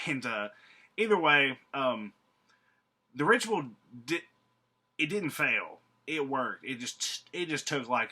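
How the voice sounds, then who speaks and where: Dude with a real bright voice, swearing a lot, recapping a movie all casual. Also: male voice, medium pitch. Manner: profane, rambling, laughing asides. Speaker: movie reviewer.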